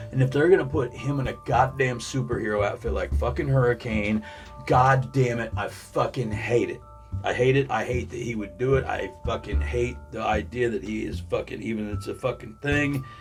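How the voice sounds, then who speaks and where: A man's voice: on the low side, far from the mic. A man giving blunt, profanity-heavy opinions in a casual rant about the week's shows. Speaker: wrestling commentary podcaster.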